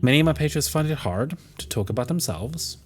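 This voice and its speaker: A man's voice: fairly high pitch, lively intonation, brisk, faint music behind, voice pushed up, close to an everyday voice. A man reading a blunt old psychoanalyst. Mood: dry. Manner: dry, questioning. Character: blunt, probing older male psychoanalyst.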